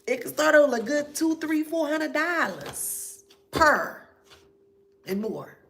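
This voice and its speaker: A woman giving a casual spiritual reading, laughing often and reacting with drawn-out disbelief. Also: sits high, very animated, gravelly, a bit bright.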